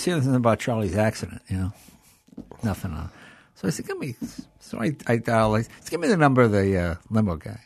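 A man's voice: mid-range voice, fairly quick, gravelly, breathy edge, no echo. An older man, a guest in a casual talk, telling anecdotes and acting out the voices of people he quotes. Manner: animated, acts out quoted voices. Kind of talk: casual storytelling.

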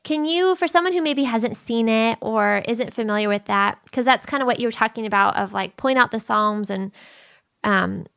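A woman podcast host talking in an animated, friendly way in a conversational interview and laughing often. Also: on the high side, normal speed, vocal fry, no room sound, clean studio sound.

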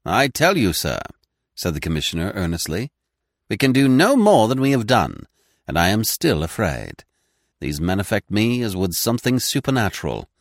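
A lower-voiced man reads a classic detective tale aloud, swinging his pitch widely as he moves through the narration and the dialogue. The sound is dry and close, with no room around it. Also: normal speed, no echo. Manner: reads all characters in one voice, lively and expressive. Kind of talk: audiobook reading of a classic story.

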